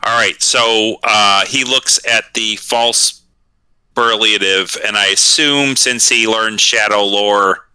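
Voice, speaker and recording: A man's voice: fairly low pitch, bright, forceful tone, smooth, dry recording, low-quality recording. A man playing a tabletop role-playing game, describing his character's moves and thinking aloud as he goes. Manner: thinks aloud with many fillers and restarts. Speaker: player.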